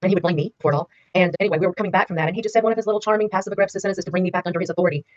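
A woman's voice: lowish voice, very fast, a little mellow, no echo. A woman in her sixties telling her own story in an interview, emphatic and repeating key words for weight. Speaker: interview guest. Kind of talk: candid personal storytelling interview. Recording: dry, slightly dull lo-fi sound.

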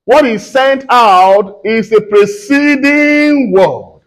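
A man's voice: extremely high pitch, animated, takes it slowly, rough recording. A man preaching a sermon in church, emphatic and repetitive, asking the congregation to fill in his questions.

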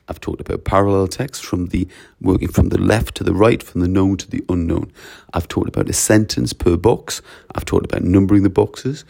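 A man's voice: deep voice, vocal fry, dark tone. A man with a Geordie accent, a language teacher explaining his methods in a casual, emphatic monologue that runs through lists. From North East England.

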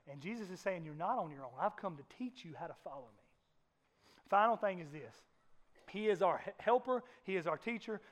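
Man, pastor, very high voice, impassioned sermon, swings between hushed and loud. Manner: impassioned preaching, rising and falling, acts out voices in a casual way.

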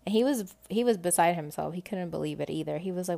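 A woman's voice: on the low side, a little fast, vocal fry, warm tone. A young woman telling a personal story in a chatty, rambling way, full of "like" and "you know". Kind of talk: casual storytelling.

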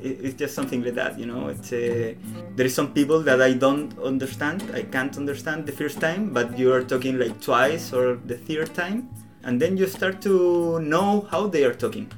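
Over guitar music, this young man from Latin America chats casually as a podcast guest, speaking English with the Latin American Spanish accent of a native Spanish speaker. His voice sits at medium pitch and moves at normal speed with hardly any pauses. Still, he sounds hesitant, frequently restarting sentences and performing small snippets of dialogue.

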